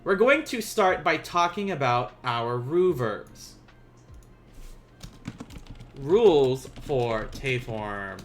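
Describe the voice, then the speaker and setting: A man teaching a casual live-streamed Japanese lesson, joking with viewers and slowing down to pronounce each word. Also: medium pitch, sing-song, fairly bright tone, faint music behind. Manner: playful, laughs and teases chat viewers; slows down to pronounce Japanese words.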